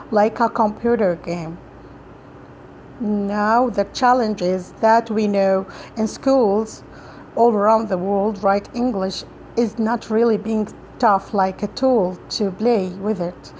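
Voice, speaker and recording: A woman practicing a prepared talk, her voice sitting at a middle pitch. She moves through the speech haltingly, restarting phrases and slipping on grammar along the way. There is a faint noise behind her. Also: fairly even intonation, darkish tone, poor audio.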